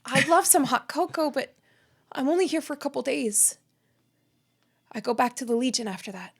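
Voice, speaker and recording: A woman player speaking in character in a tabletop game, emotional and rushed, near tears. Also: high-pitched, animated, vocal fry, breathy edge. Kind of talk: in-character tabletop role-play.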